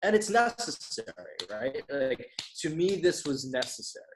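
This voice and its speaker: A man's voice: a little high, very animated, moderate pace, background noise. A man guest on a podcast, telling his story candidly, swearing freely and acting out quoted dialogue. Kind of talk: casual storytelling interview.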